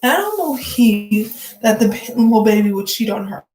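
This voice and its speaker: A woman's voice: mid-range voice, sing-song, normal speed, darkish tone, reverberant, poor audio. A woman vlogger giving casual gossip commentary, blunt, profane and joking, full of "like" fillers.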